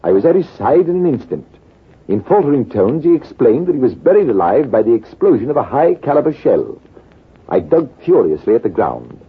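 An actor playing a composed British army major telling a war story in a measured, deliberate way, in 1940s radio acting. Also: male voice, medium pitch, sing-song, husky. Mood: calm. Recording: tinny, lo-fi old radio broadcast.

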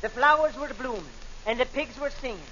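A high, bright, blustering crank who hates barbers, as a man puts him on for a 1940s radio comedy sketch. He talks in a stage brogue, dropping "me" for "my" and flaring into indignant outbursts. The sound is dull and lo-fi, like an old radio broadcast. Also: fairly quick, a little hiss or hum.

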